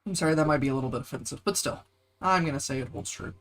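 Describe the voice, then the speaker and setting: A man's voice: medium pitch, very fast, creaky, a bit bright. Brief: a male streamer, loose and jokey, chatting with viewers between tasks. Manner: joking, chatty, talks to viewers. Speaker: game streamer. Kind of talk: casual gameplay commentary.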